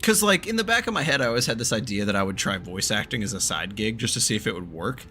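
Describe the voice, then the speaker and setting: A man's voice: lowish voice, animated, quick pace, pushed and bright, soft background music. A man hosting a stream, chatting casually over a voice call and rambling through stories with frequent laughs. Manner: rambling storyteller, laughs often. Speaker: streamer host. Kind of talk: casual chat.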